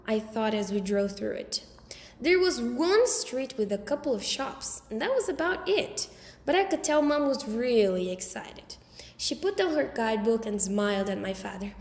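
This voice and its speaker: A woman reading a children's story aloud in a lively, expressive way. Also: on the high side, normal speed. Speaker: audiobook reader. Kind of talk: storybook narration. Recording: roomy with long reverb.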